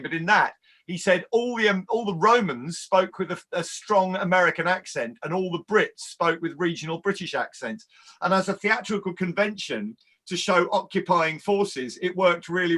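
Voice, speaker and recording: A man's voice: sits high, normal speed, sharp tone. A man on a casual video-call panel, talking in a thoughtful, rambling way. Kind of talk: casual live panel chat.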